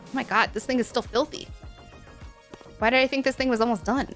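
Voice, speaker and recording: A woman's voice: a little high, steady tone, brisk, a bit bright, soft background music. A woman livestreaming a game, chatting frankly and playfully with her viewers and laughing often. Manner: chatty, talks to viewers as friends. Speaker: livestreamer reading chat. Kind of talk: casual gaming stream chat.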